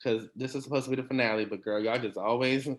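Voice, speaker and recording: A man hosting a casual recap chat, talking in a chatty, animated way with quick asides and laughs. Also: mid-range voice. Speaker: podcast host.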